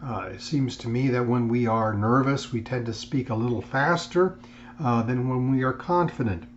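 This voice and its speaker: A man's voice: mid-range voice, a little hiss or hum. Man lecturing, dull lo-fi sound. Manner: measured, with frequent fillers and restarts. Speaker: instructor. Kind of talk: recorded lecture.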